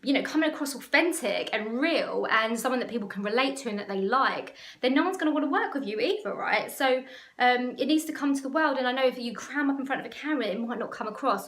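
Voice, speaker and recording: A woman's voice: fairly high pitch, a little fast, fairly bright tone, roomy sound. A woman business coach talking to camera in an emotional, passionate, rambling way. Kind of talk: casual talk to camera.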